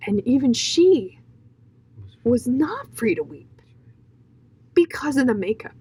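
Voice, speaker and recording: A woman's voice: mid-range voice, animated, measured pace, pauses often, breathy edge, rough recording. A young woman telling an emotional personal testimony in an earnest, heartfelt way, full of fillers and restarts. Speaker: guest sharing her testimony.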